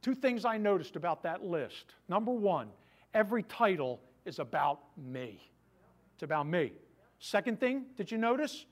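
A man's voice: high-pitched, big pitch swings, moderate pace. A man pastor delivering a sermon in a conversational preaching style, with humorous asides to the congregation.

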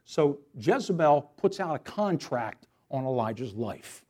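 A male pastor preaching a sermon to his church, telling a story in an animated, storytelling way. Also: fairly high pitch, measured pace, few pauses, husky.

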